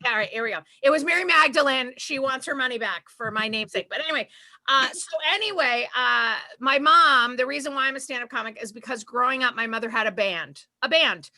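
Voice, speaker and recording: High bright Boston woman doing stand-up. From Boston area, USA. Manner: chatty, self-deprecating, breaks into quick put-on voices. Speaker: stand-up comedian. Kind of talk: stand-up set over video call.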